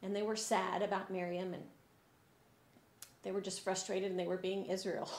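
A woman teaching a children's church lesson, telling a Bible story in an expressive way that swings between sad and lively. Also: mid-range voice, normal speed, echoey room. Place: church room.

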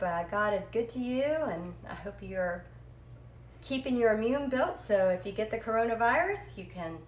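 A woman with a fairly high voice chats bubbly and unscripted as she cooks live for her viewers. Her voice rings in an echoey home kitchen, with faint clatter behind her. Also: slight background noise. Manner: chatty, self-deprecating, bubbly. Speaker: cooking show host. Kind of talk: live cooking stream chat.

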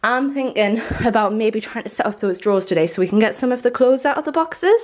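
A woman in her twenties vlogs indoors in her newly moved-into home, chatting to the camera and rambling with frequent "like" fillers. Her voice is fairly high, expressive and a little fast.

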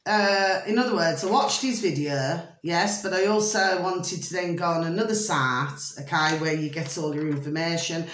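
A woman's voice: fairly low pitch, moderate pace, hardly any pauses, fairly bright tone, reverberant. A woman vlogging in a casual rambling monologue, checking with her viewers again and again. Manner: chatty, repeats filler tags like "okay?" and "do you see?". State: hot and itchy.

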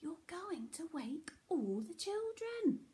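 A whispered role-play of small hushing animals that scold Santa, put on by a woman reading a picture book. The hush is high and slow, with a lively rise and fall. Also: full character voice. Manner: hushed and scolding.

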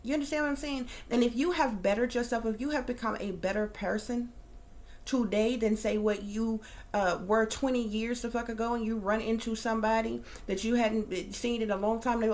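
A woman's voice: fairly high pitch, brisk. Blunt, profane middle-aged woman ranting. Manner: blunt, profane, heated, rhetorical questions. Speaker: psychic reader. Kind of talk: ranting monologue.

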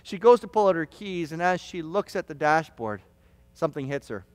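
A man preaching a sermon as pastor, telling stories with restarts and stammers, sometimes shouting quoted lines. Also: a little high, animated, normal speed, no room sound, in a large hall. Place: church hall.

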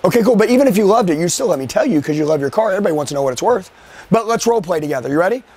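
A man leading a live sales training seminar, energetic and emphatic, firing questions at his audience and acting out sales calls. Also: sits high, rapid-fire, breathy edge.

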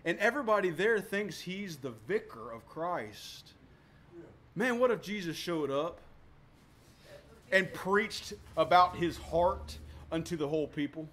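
A man preaching a sermon as pastor, emphatic, with sharp swings between loud and soft, often repeating words for emphasis. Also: high voice, animated, measured pace.

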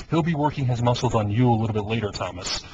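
A man giving an easygoing, hands-on demonstration beside a car engine, coaching helpers and chuckling often. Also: medium pitch. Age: adult. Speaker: conversion kit installer. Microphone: camcorder microphone. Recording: dull lo-fi camcorder audio with steady noise.

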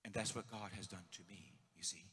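A middle-aged male priest preaching a sermon, swinging from shouts to hushed words as he tells stories. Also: sits low, brisk. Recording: long hall reverb.

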